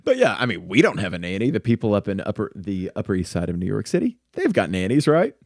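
A man's voice: on the low side, huge pitch swings, quick pace, darkish tone, no echo, clean studio sound. A man hosting a podcast in casual chat, playful and teasing. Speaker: podcast host.

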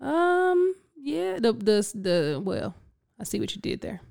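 A woman co-hosting a casual podcast, chatting about an anime, quick to correct details and laughing easily. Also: a little high, very animated, creaky, darkish tone. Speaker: podcast co-host. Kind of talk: casual anime recap chat.

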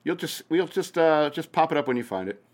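A man's voice: on the high side, animated, a little fast. A man hosting a podcast, telling loose stories in a casual rambling way, swearing and chuckling as he goes. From Virginia. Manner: loose, profane storytelling with chuckles. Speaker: podcast host.

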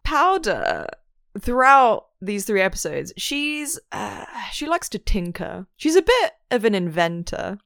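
A woman recapping a show in casual chat, animated, swearing freely and laughing often. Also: mid-range voice, measured pace, no echo, clean studio sound. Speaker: show reviewer.

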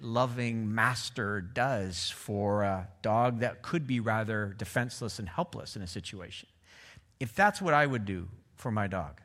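A middle-aged man preaching a sermon in a relaxed, conversational way, often checking in with his listeners. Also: lowish voice. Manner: conversational, asks the audience "right?". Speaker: pastor.

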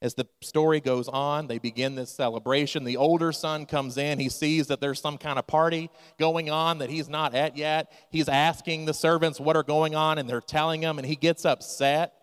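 A man's voice: fairly high pitch, fairly even intonation, normal speed, few pauses, clean tone, big-room sound. A man preaching a sermon, telling a story and acting out its characters' lines. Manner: storytelling preacher, acts out quoted dialogue. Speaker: pastor.

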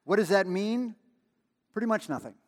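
A man's voice: high voice, expressive, normal speed, long reverb tail. A man preaching a sermon in a conversational way, with emphatic repetition and storytelling asides. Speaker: pastor.

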